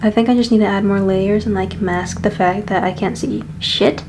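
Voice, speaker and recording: A woman's voice: mid-range voice, steady tone, moderate pace, noisy background. A young adult woman talking candidly in a casual diary vlog, rambling with restarts as an animator at home. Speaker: animator vlogger.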